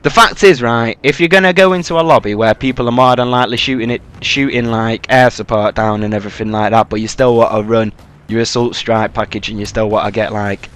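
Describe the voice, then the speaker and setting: A man's voice: mid-range voice, fairly even intonation, brisk, fairly bright tone, clean tone. A young man giving casual, rambling freestyle commentary over his own gameplay, swearing and using lots of fillers. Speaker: gaming commentator.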